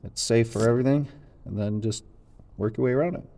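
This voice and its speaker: A man's voice: medium pitch, quick pace, gravelly, dark tone, a little hiss or hum. A man explaining how he fitted a part, in a hesitant, plain-spoken way. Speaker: mechanic.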